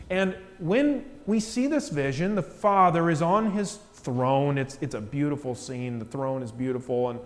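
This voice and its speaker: A pastor preaches a sermon with animated storytelling, his fairly high voice posing rhetorical questions to draw the congregation in. He swings from almost a whisper for gravity to loud emphasis, and each phrase trails away in long church reverb.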